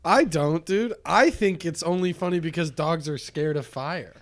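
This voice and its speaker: A man's voice: a little high, moderate pace. A young man co-hosting a comedy podcast in a laid-back, teasing way, calling his friend "dude.". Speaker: podcast co-host. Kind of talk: casual comedy chat. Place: small studio.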